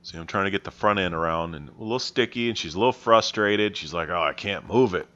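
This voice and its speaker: A man with a deep, low voice gives calm voice-over on his own riding footage as a horse trainer. He explains plainly and is open about his own mistakes. The sound is somewhat dull and lo-fi. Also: fast.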